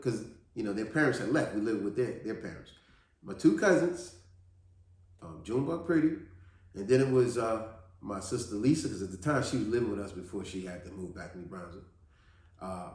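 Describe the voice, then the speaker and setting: A man telling a personal story in an earnest, animated monologue, often restarting his sentences. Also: medium pitch. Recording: very echoey room.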